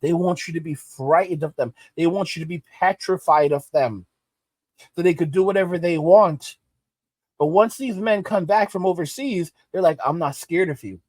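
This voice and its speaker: A man's voice: high-pitched, no echo. A man doing reaction commentary, emphatic and repeating phrases for stress.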